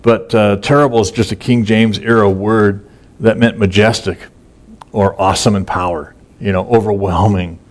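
In a fairly low, steady voice at moderate pace, a pastor delivers conversational Bible teaching. His sermon is folksy and casual, with many fillers and words said over and over.

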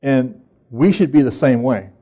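A man's voice: mid-range voice, lively intonation, unhurried, warm tone, husky, highs cut off. A man who is a pastor, preaching a sermon in an earnest, conversational way.

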